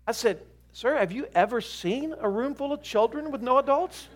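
A man's voice: very high voice, brisk. A pastor preaching a sermon, telling stories and acting out the voices of people he has counseled. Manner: animated, acts out quoted voices. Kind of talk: sermon storytelling. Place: in South Florida.

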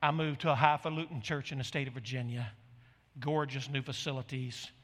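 A middle-aged man, a pastor, telling stories during a sermon in an animated, emphatic way. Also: mid-range voice, a little fast, big-room sound. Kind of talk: sermon storytelling.

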